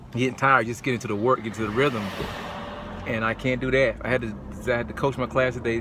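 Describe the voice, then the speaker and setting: A fitness trainer man talks through a casual vlog with shallow, careful breaths. He stumbles and repeats himself as he goes. He records outdoors, and clear street and car noise runs behind his voice. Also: medium pitch. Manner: halting, repeats words and restarts often. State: short of breath from bruised ribs.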